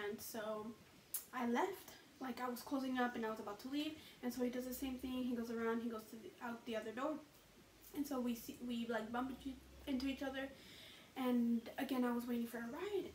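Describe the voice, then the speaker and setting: A woman's voice: a little high, far from the mic, slight background noise. Chatty young woman telling a story, echoey room. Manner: chatty, frequent "you know" and "like", swearing. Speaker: vlogger. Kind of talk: casual storytime vlog.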